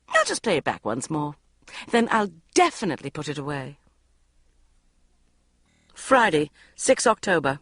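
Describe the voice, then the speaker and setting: A woman's voice: low-pitched, very animated, moderate pace, long pauses, fairly bright tone, slightly rough, no echo. A woman narrating a comic first-person diary audiobook in a wry, self-mocking way.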